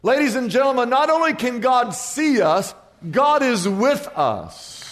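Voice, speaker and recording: High-voiced preacher in a reverberant hall. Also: male voice, sing-song, unhurried, a bit bright. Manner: humorous storytelling preacher, asks the congregation for amens. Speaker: pastor. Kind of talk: sermon.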